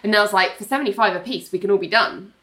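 A woman talking casually, retelling a TV episode scene by scene. She fills her speech with "like" and keeps it loose and conversational. Her voice sits at a medium pitch. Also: a bit bright, low-quality recording. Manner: chatty, says "like" often, recounts scenes in quick summaries. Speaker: podcast co-host recapping a TV episode. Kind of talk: casual chat and scene recap.

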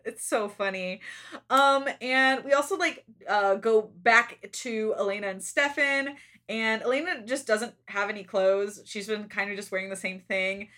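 A woman's voice: mid-range voice, a little slow, pushed and bright. A young adult woman co-hosting a casual book-recap podcast, joking and laughing often as she talks. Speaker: podcast co-host.

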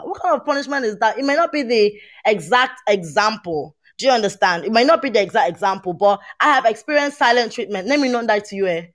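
A woman, chatting on a podcast panel and telling a story in an animated, emphatic way. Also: on the high side, quick pace, hardly any pauses. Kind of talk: casual chat.

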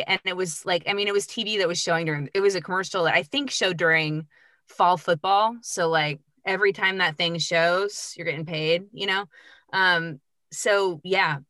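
A woman's voice: lowish voice, bright, forceful tone, no echo. A woman guest on a podcast, chatting bubbly and freely about her voiceover work. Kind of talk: casual chat.

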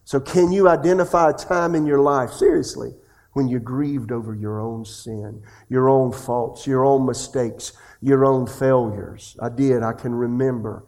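A man's voice: medium pitch, fairly even intonation, a little slow. Man preaching a sermon. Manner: swings between loud questions and hushed confessions; asks the congregation direct questions. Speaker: pastor.

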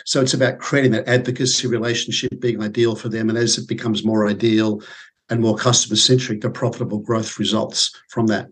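A man's voice: lowish voice, little pitch movement, fairly quick, a bit bright, breathy edge. A man in his forties with an Australian accent, a guest on an interview podcast, talking things through with many fillers and repeated words. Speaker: podcast guest, sales consultant. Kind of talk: casual interview chat.

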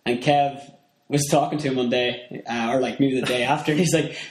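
A man's voice: mid-range voice, steady tone, a little fast. A man with a Northern Irish accent telling stories in casual chat, rambling with many fillers. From Northern Ireland. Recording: echoey room.

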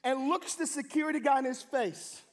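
A young man preaching a sermon, telling a funny story and acting out the people in it, shouting now and then for emphasis. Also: very high voice, normal speed. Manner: animated, acts out quotes, shouts for emphasis. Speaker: pastor.

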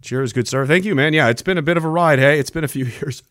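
A man's voice: a little high, quick pace, fairly bright tone, dry recording, studio quality. A middle-aged man, hosting a casual livestream, rambling and joking as he reads out chat messages. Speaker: livestream host. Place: home studio. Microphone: boom-arm studio mic.

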